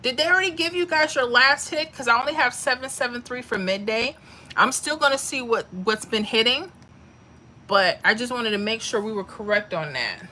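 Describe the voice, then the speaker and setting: A woman's voice: on the high side, animated, normal speed, pushed and bright, slight background noise. A woman hosting a lottery livestream, chatting casually with viewers and calling them mama and honey. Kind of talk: casual livestream chat reading comments.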